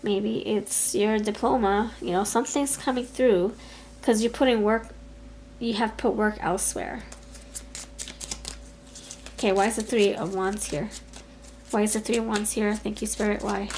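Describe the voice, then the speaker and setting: A woman giving a pick-a-card tarot reading in an expressive, chatty way, talking aloud to Spirit as she goes. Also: mid-range voice, a little slow, long pauses, slight background noise, low-quality recording. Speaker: tarot reader.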